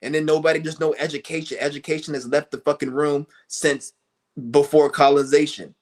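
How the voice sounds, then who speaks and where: Male streamer, higher-pitched voice, angry profane monologue with mocking impressions. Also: level tone, fairly quick. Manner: breaks into high mocking impressions of others. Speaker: livestream host. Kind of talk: profane rant to camera.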